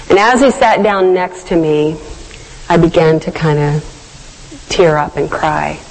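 A woman's voice: fairly low pitch, darkish tone. A woman giving a devotional sermon, telling a personal story in an earnest, reflective way. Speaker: devotional speaker. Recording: long hall reverb.

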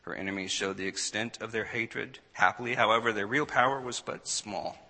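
Forceful preacher in an echoing hall. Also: male voice, lowish voice, brisk. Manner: dramatic reading, swings from hushed to loud. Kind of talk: sermon.

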